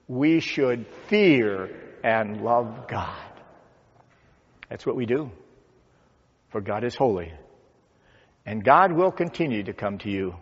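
Man, pastor, sermon, dramatic pauses, dull recording, reverberant sanctuary. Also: mid-range voice, husky. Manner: slow, dramatic pauses and swelling emphasis. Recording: dull sound with long church reverb.

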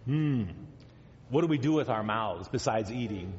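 A man giving a children's sermon as pastor, gently asking the children questions and coaxing answers. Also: medium pitch, lively intonation, normal speed, slight background noise. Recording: dull sound in a long-echo church hall.

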